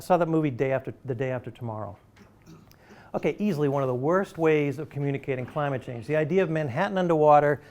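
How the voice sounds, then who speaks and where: Male lecturer, conversational and emphatic, slightly raised pitch, persuading a live audience. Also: darkish tone. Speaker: university lecturer.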